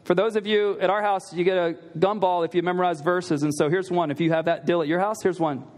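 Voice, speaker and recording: A pastor with a high, steady voice preaches at a quick pace, keeping his sermon conversational. He asks his listeners rhetorical questions and repeats key lines for emphasis.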